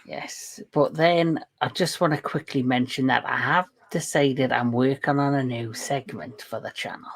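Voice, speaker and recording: A man's voice: medium pitch, fairly even intonation, unhurried, hardly any pauses, fairly bright tone. A man hosting a casual movie review chat, jokey and talking with many restarts and self-corrections. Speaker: show host.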